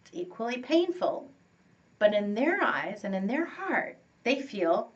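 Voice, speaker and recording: A woman giving a relationship coaching talk, upbeat and animated, laughing and acting out what friends and family say. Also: on the high side, a little slow, recorded from a distance, highs cut off. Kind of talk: teaching talk to camera.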